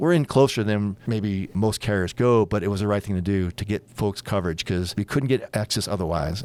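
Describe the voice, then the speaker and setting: Deep-voiced older man recounting command. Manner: candid, storytelling with quoted dialogue. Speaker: former aircraft carrier captain, guest. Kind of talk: storytelling interview.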